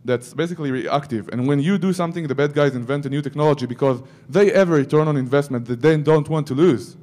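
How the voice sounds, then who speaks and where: A man's voice: a little high, fast, a little mellow. A man giving a security conference talk, breaking into joking asides to the audience. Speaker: conference speaker.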